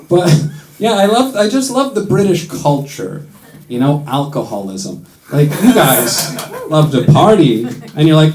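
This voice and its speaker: An American man doing stand-up in a London comedy club, telling sarcastic jokes in a dry, deadpan way and slipping into quick put-on voices. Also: fairly high pitch, crowd noise. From United States. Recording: roomy club sound with loud audience laughter.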